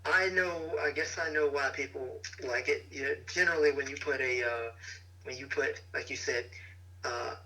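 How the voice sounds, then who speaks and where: A man with a bright, forward voice co-hosts a casual music-review chat. He speaks thoughtfully and hesitantly. He fills his pauses with ums and you-knows. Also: medium pitch, steady tone, rough recording. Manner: thoughtful, hesitant, many fillers. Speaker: podcast co-host.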